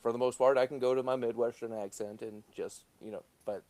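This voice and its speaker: A man's voice: medium pitch, steady tone, brisk, darkish tone, no echo. Earnest man with a Southern accent, dry sound. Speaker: actor, guest. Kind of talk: casual chat.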